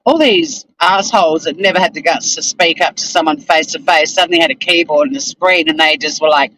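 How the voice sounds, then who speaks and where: Low in pitch and a touch bright, her voice moves fairly quickly with few pauses, captured on poor audio. She's streaming live, going through viewer comments in a loose, chatty way. Expect blunt, fed-up ranting, lots of swearing, and plenty of laughs.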